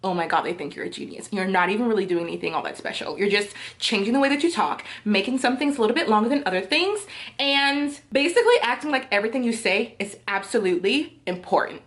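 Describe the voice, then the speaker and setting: A woman vlogging a casual, slangy film review to her viewers, animated and often laughing. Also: medium pitch, fast. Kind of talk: casual chat to camera.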